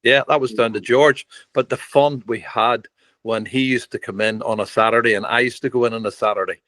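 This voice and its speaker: An older man, a podcast guest telling lively stories full of quoted dialogue. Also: mid-range voice, brisk, no echo. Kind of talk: anecdotal storytelling.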